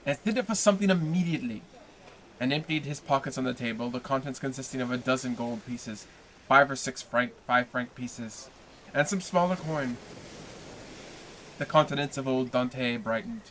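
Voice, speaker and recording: A man narrating a classic novel aloud on a livestream, in a low, even reading voice. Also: moderate pace, a little hiss or hum. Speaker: reader.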